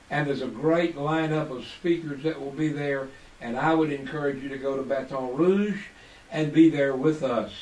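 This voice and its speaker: Slow, emphatic male preacher in echoey room. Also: on the high side, recorded from a distance. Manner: slow, emphatic preacher's delivery with drawn-out phrases; drops to quiet asides when unsure. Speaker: radio talk show host. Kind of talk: preaching monologue to listeners.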